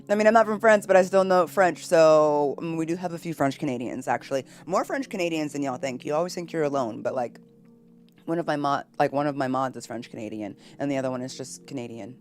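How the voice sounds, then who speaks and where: A bubbly woman chats with her live-stream viewers in a lowish voice, laughing often. She jumps from loud excited greetings to quiet murmured asides. Faint game music plays underneath. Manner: bubbly, giggly, quick to laugh. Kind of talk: casual live-stream chat reading viewer messages.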